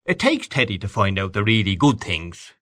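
A man's voice: on the low side, sing-song, normal speed, a bit bright, no echo, clean studio sound. A man reading aloud, voicing an older dinner guest who is defiant and familiar.

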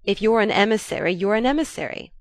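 A woman voicing a proud, irritable gentleman who speaks with irony and bluster. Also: medium pitch, animated, fast, no room sound, pitched above the performer's own voice, close to an everyday voice. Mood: bristling. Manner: ironic, blustering.

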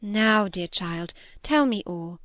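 A woman voicing a gentle, anxious older lady who is ill, speaking softly and unhurriedly in a storybook reading. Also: mid-range voice, lively intonation, takes it slowly, no echo. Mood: tender.

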